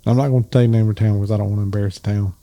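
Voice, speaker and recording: A Southern American man chats on a podcast with a gravelly edge to his voice. His tone is dark and mellow, and he tells folksy stories with plenty of jokes. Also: on the low side, fairly even intonation, racing. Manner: folksy, joking storyteller. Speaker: podcast co-host. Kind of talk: casual chat.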